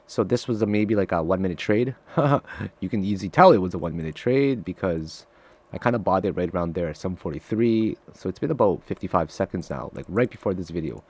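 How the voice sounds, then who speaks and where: Profane, excitable man with a low voice. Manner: excitable and profane, swinging from loud frustrated outbursts to low muttering; talks straight to viewers, calling them guys. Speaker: day trader streaming live trades. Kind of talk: live trading commentary.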